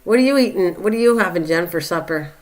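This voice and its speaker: A woman's voice: lowish voice, expressive, quick pace. Rambling, chatty older woman. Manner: rambling, chatty, reads viewer comments aloud and answers them. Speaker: live stream host. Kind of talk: casual chat.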